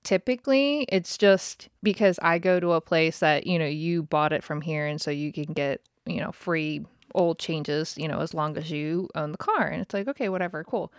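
A woman in her thirties hosts her own podcast, telling a story in a chatty, exasperated monologue and swearing freely. Her voice is deep, clear and resonant, her pace moderate with hardly any pauses. The podcast mic gives clean studio sound with no echo.

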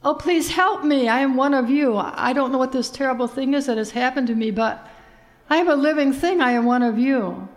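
A woman's voice: high-pitched, a little fast, lightly acted. A woman voicing a woman turned into a small sparrow, begging strangers for help in a pleading voice.

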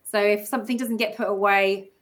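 A woman telling a personal story in casual conversation, animated and often laughing. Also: mid-range voice, fairly quick. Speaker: guest speaker.

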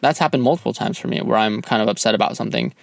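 A man with a gravelly, fry-tinged voice speaks calmly and evenly in casual chat. He sounds easygoing and measured, recorded close and dry. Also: medium pitch, no room sound. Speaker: podcast co-host talking with his partner.

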